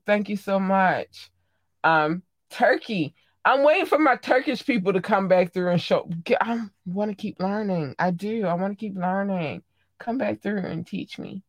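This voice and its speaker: A woman hosting her own podcast in casual solo chat, animated and squealing high when she greets listeners. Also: measured pace, no echo. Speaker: podcast host.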